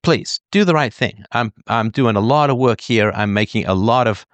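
A man's voice: mid-range voice, moderate pace, clean tone, no room sound. A middle-aged man hosting a podcast, speaking bluntly and emphatically, sometimes mimicking whiny people. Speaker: podcast host. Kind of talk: monologue to listeners.

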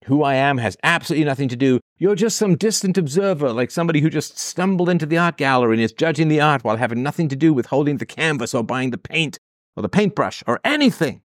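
A man's voice: on the high side, animated, fast, dry recording, studio quality, voice pushed up, close to an everyday voice. Smug self-righteous parent, mocking sing-song, put on by a male host.

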